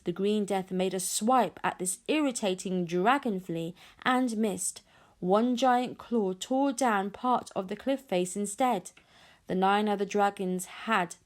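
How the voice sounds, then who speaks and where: Woman reading a children's story aloud. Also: medium pitch. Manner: expressive, dramatic storytelling. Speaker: audiobook reader. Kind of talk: children's read-aloud narration.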